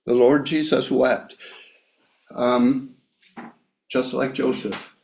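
A man gives a slow, reflective sermon, pausing often and filling gaps with small hesitations. His voice sits at a middle pitch. It rings in an echoey room, and the sound is a bit dull. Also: fairly even intonation, creaky, a little mellow. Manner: slow, reflective, with frequent pauses and fillers. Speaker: preacher. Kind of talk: sermon, Bible reading and personal story.

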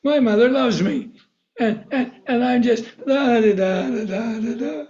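A man voicing a carefree one-year-old baby, speaking in soft, unbothered baby talk. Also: very high-pitched, a little slow, lo-fi sound.

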